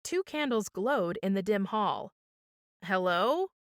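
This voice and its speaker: Woman, children's storytime reader, animated, dry close sound. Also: medium pitch, unhurried, no echo. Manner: expressive, lively reading. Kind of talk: children's storytime read-aloud.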